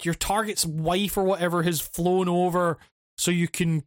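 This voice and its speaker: A man with a fairly high voice co-hosting a casual podcast. He rambles through his points with many restarts and fillers, recorded dry with no room sound. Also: flat delivery, normal speed, dry recording. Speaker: podcast co-host.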